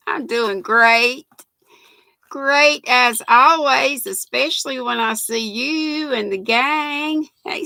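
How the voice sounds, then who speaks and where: Folksy grandma chatting live. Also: female voice, high voice, creaky, sharp tone, no room sound. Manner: chatty and folksy, laughs often, calls viewers sweet and honey. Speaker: host of a live craft stream. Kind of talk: casual live-stream chat greeting viewers.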